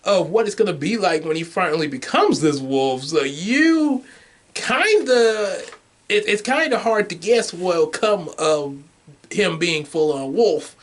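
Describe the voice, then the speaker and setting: A man's voice: high-pitched, animated, measured pace. Rambling man chatting about a movie. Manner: rambling with many restarts, laughs at own jokes. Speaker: co-host reviewing a movie. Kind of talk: casual review chat.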